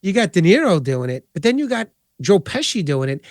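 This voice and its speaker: A man hosting a podcast, chatting casually in a rambling, animated way and swearing constantly. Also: high-pitched, brisk, no room sound, clean studio sound. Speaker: podcast host. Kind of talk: casual chat.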